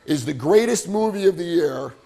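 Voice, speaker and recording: Middle-aged male motivational speaker, animated storyteller, fairly high voice, breathy and rough. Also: moderate pace, faint music behind. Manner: animated, keeps checking in with "right?". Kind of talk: storytelling presentation to a live audience. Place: venue with a live audience.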